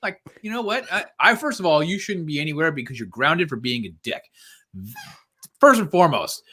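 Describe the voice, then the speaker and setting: A man's voice: a little high, lively intonation, a little fast, bright, forceful tone, slightly rough. A man co-hosting a casual live podcast, animatedly retelling movie scenes and acting out the characters' lines with laughter. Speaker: co-host.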